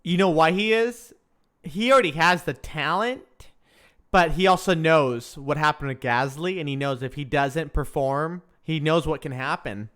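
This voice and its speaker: A man's voice: on the high side, measured pace, a bit bright. A man hosting a casual live stream, chatting and joking as he follows a practice session, often laughing at his own slips. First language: English.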